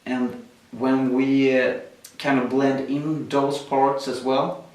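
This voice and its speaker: A man's voice: medium pitch, little pitch movement, slow, darkish tone. A man teaching a drum lesson, explaining exercises step by step with frequent fillers. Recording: echoey room, mic at a distance. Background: drums played between explanations.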